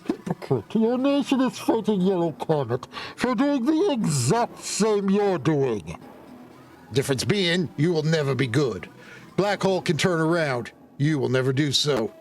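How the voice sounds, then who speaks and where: A man's voice: on the high side, expressive, moderate pace, soft background music, pitched below the performer's own voice. A man voicing a smug old male fighter come out of retirement, delivering dry, sly lines.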